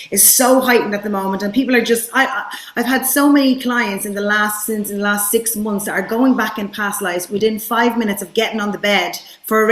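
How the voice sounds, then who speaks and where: A woman's voice: medium pitch, roomy sound, rough recording. A woman hosting an interview, chatting eagerly and often restarting her sentences over a video call. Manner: enthusiastic, with frequent restarts. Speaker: host. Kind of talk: casual interview chat.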